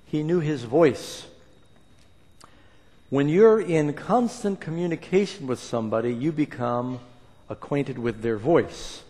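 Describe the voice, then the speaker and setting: A man preaching a sermon and reading scripture aloud, with an emphatic delivery that swings between hushed and loud. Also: on the high side, takes it slowly. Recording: long reverb of a large hall.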